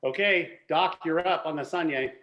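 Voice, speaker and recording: A man's voice: on the high side, moderate pace, a bit bright. A man hosting a virtual wine tasting as the winemaker, joking and chatty with frequent restarts. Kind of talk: casual hosted chat.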